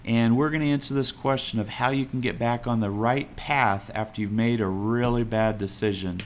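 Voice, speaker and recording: A man's voice: medium pitch, fairly even intonation, moderate pace, hardly any pauses, a little hiss or hum. A man with a Texas accent preaching a sermon in an earnest, conversational way, with fillers and restarts. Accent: Texan. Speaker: pastor.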